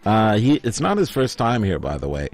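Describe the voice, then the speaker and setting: Very deep-voiced male radio host. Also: wildly swooping pitch, normal speed, dry recording. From Oman. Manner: rambling, with many fillers, telling anecdotes. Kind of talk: casual radio chat.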